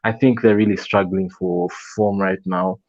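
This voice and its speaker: A man's voice: low voice, steady tone, moderate pace, darkish tone, no room sound, dull audio. A man chatting as a fantasy football pundit, confident and laughing as he makes bold predictions. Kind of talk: casual panel chat.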